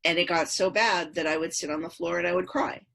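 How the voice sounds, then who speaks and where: A woman's voice: on the low side, brisk, vocal fry, fairly bright tone, a little hiss or hum. A middle-aged woman, a podcast guest, earnestly recounting her past in a repetitive storytelling rhythm. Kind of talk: personal story in interview.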